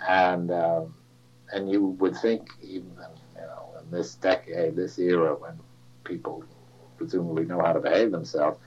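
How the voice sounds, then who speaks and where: A man's voice: sits low, flat delivery, normal speed, a little mellow, a little hiss or hum. An older man casually reminiscing about sailing days, rambling and chuckling as he tells stories. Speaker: interviewee. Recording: dull lo-fi recording.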